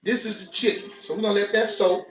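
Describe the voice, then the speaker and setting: A man's voice: sits high, steady tone, quick pace, faint music behind. A man hosting a casual cooking demonstration, chatty and laid-back, talking straight to viewers as he works. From United States. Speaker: cooking show host. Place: home kitchen. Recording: echoey room, mic at a distance.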